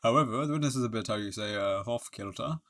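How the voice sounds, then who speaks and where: Brief: arrogant game prosecutor woman, fake English accent, bright tone, played by a man. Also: mid-range voice, fast, pitched below the performer's own voice, lightly acted. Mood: haughty. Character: cold arrogant young female prosecutor.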